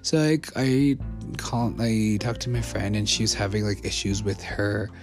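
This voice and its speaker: A man's voice: fairly low pitch, little pitch movement, moderate pace, vocal fry, music in the background. A young man from the States telling a travel story in a casual, rambling way, full of fillers, restarts and laughs. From United States.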